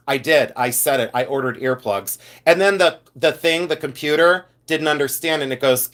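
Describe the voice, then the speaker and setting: A man's voice: on the high side, brisk, a bit bright. A man hosting a casual live stream, telling rambling, repetitive stories with exasperated asides. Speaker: live-stream host selling gemstones.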